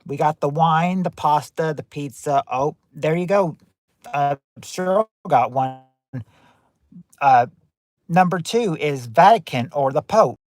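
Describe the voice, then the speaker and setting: Hosting a livestream game show, this man speaks slowly in a slightly high voice with a darkish tone and no room sound. His manner is offhand and chatty as he reads viewers' guesses aloud and greets them by name, often using fillers and starting over.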